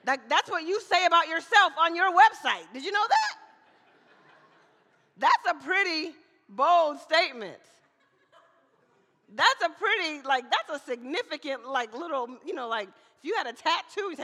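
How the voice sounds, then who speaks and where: Woman preacher from Mississippi, bright voice, slightly hoarse, chatty sermon, long hall reverb. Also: high voice, a little slow, long pauses. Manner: lively, chatty, calls for amens. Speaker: guest preacher. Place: church hall.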